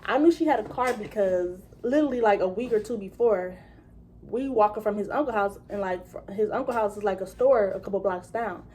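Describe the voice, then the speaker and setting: Young woman, storytime vlog, casual and profane, acts out quotes, mid-pitched voice, faint background noise. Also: brisk, mellow. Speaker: vlogger.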